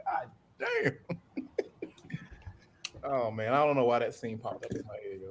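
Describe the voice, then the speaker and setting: A man's voice: medium pitch, huge pitch swings, takes it slowly, a little hiss or hum. A man co-hosting a casual talk show, trading loose jokes and laughing. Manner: laughing, joking, loose banter. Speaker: podcast co-host. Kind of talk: casual group banter.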